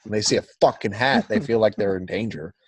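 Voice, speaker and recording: A man's voice: fairly low pitch, fairly quick, husky, dry recording. A man telling a story as a podcast guest, swearing freely and acting out the quotes. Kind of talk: casual storytelling.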